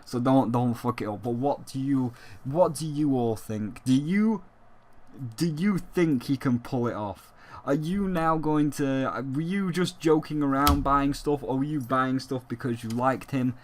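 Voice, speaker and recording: A young man talks straight to his viewers in a casual gaming vlog. He sounds emphatic and heated, with his voice at a middling pitch, and he swears freely as he pushes his opinion. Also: unhurried. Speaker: gaming YouTuber.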